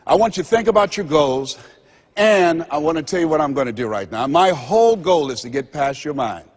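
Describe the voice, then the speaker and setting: An older man giving a motivational seminar speech to a live audience, preacher-like, with dramatic pauses and repeated phrases. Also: fairly high pitch, animated, highs cut off. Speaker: motivational speaker. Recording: long hall reverb. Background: audience laughter.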